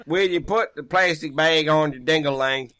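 A man putting on the voice of a slurring, mumbling race-car driver, loud and shouty. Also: fairly high pitch, normal speed. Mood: slurring loudly.

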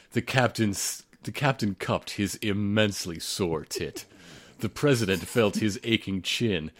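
Low-voiced male narrator, dry reading of a comic story. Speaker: comedy podcast narrator.

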